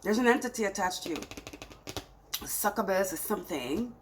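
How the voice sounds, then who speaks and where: A woman's voice: medium pitch, expressive, a little fast, background noise. Exasperated woman giving a tarot reading. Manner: emphatic, scolding, exasperated pleading. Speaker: tarot reader. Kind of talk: spiritual reading to camera.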